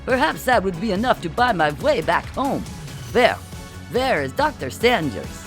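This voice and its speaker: An audiobook narrator voicing a reckless, giddy male Soviet spy with a Russian accent and an excitable, theatrical delivery. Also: mid-range voice, moderate pace, faint music behind, voice pushed up.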